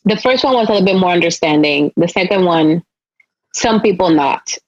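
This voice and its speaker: A woman's voice: fairly low pitch, expressive, moderate pace, darkish tone, dry recording, dull audio. A woman with a Spanish accent hosting a podcast, speaking in earnest, reflective runs in casual interview chat. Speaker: podcast host.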